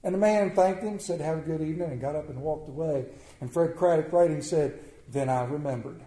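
A pastor preaches a sermon in a folksy, animated storytelling way. His voice is mellow and a bit high. The recording rings in an echoey church. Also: normal speed.

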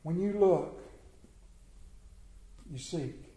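Folksy pastor with a mellow voice in an echoey church. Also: male voice, a little high, very slow. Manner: folksy, animated storytelling. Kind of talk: sermon.

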